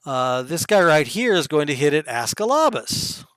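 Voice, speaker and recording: A man narrates a tabletop game as its game master, describing each blow and roll in lively detail. His voice sits a little high and comes through smooth and clear. The sound is close and dry, with no room echo. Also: moderate pace. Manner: lively descriptive narration with sudden hushed asides.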